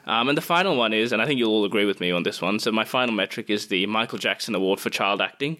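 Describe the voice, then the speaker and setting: A young man talks quickly in a bright, forceful voice. He co-hosts a casual podcast, handing out deadpan joke scores and dropping crude slang. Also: lowish voice. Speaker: podcast co-host. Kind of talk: casual chat, scoring a film review.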